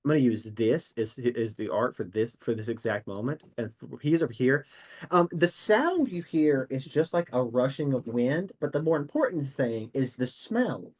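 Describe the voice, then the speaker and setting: A man's voice: mid-range voice, expressive, moderate pace, darkish tone, breathy edge. Casual young man running a tabletop game. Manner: casual, with fillers. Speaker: game master.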